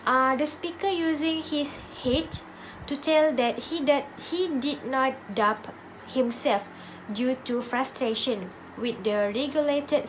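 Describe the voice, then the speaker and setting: Female student presenter, slow, hesitant, somewhat high-pitched. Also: a little hiss or hum, low-quality recording. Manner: hesitant, with many fillers and restarts. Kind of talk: class presentation.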